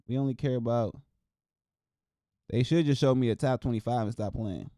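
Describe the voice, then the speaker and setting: A man from Wisconsin hosting a casual solo show, reacting to scores and news in a loose, excitable, slangy way and talking straight to his viewers. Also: medium pitch, moderate pace, dry recording, clean studio sound. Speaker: host.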